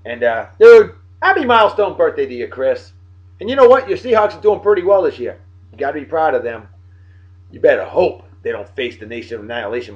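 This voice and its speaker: A man hosting a casual show, giving boisterous, jokey shout-outs full of slang. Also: a little high. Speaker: host. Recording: dull lo-fi sound with faint music.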